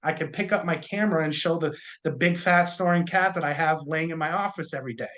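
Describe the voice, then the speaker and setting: A man's voice: a little high, fast, a bit bright. A man training insurance salespeople in a casual, conversational way, with a jokey touch of corny humor.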